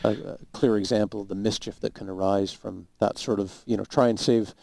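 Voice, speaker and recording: A man, a lawyer guest, giving measured, emphatic legal advice on a talk show. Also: fairly low pitch, fairly even intonation, gravelly, warm tone, no room sound. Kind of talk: explaining law on a talk show.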